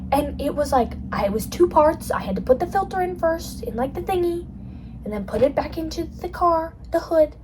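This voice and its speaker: A woman's voice: sits high, lively intonation, normal speed, noisy background. A young adult woman hosting a casual solo chat, rambling in a bubbly way with lots of fillers. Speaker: podcast host.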